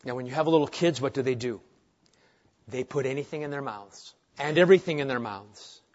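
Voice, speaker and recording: A middle-aged man preaching a sermon as pastor, swinging between hushed asides and loud, emphatic points. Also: medium pitch, brisk. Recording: dull lo-fi sermon recording.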